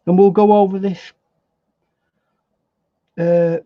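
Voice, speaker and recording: A man demonstrating painting step by step in a relaxed, chatty way, thinking aloud as he works. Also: sits high, slow, no echo. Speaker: painting instructor. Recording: dry, slightly dull recording.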